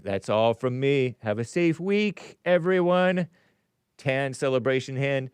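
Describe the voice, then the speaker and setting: Male stream host, unhurried, clear and resonant, dry close sound, chuckling opinionated asides over viewer comments. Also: on the high side, no echo. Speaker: show host. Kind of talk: casual livestream commentary, reading viewer comments aloud.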